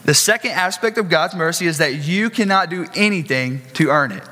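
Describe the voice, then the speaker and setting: Male pastor, bright, slightly high voice, chatty sermon delivery, long hall reverb. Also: animated, brisk. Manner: conversational preaching with asides and questions to the congregation.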